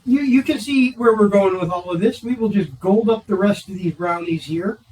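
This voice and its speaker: A man's voice: sits high, darkish tone, far from the mic, poor audio. A man hosting a charity live stream, chatting while he bakes and gushing with enthusiasm.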